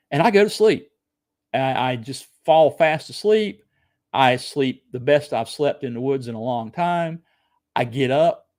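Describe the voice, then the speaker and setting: Man, 60s, from South Carolina, podcast guest, gravelly, animated storyteller. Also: mid-range voice. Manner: animated, acts out his own excited thoughts. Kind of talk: casual storytelling.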